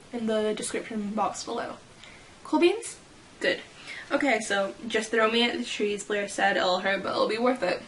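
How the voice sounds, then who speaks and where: A woman's voice: on the high side, fairly bright tone, slight background noise. A woman chatting casually as a fan vlogger, reading fan fiction quotes aloud and giggling about how people would react. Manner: giggly and playful.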